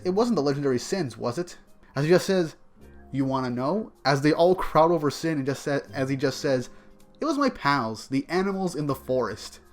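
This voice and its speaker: Excitable man recapping a manga chapter. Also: medium pitch. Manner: excitable, speculative, frequent restarts and laughs. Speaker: manga reviewer. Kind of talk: casual chapter recap and commentary.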